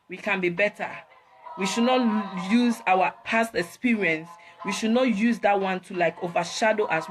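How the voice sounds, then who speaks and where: A woman, hosting an emotional live talk to her viewers, rambling and repeating herself as she switches between English and Twi. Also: mid-range voice. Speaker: online host talking to viewers.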